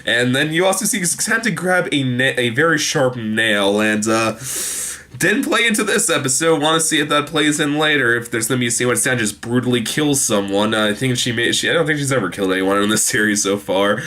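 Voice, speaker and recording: With a mid-range voice that is expressive, bright and forceful, a young TV reviewer casually runs through an episode. He rambles, uses lots of fillers and restarts, and quotes characters in quick voices.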